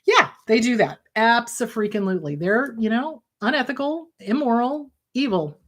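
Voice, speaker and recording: A woman's voice: on the high side, animated, moderate pace. Emphatic, reassuring woman therapist host. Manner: emphatic, warm and reassuring, calls listeners sweetheart. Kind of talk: live-stream advice talk answering viewer questions.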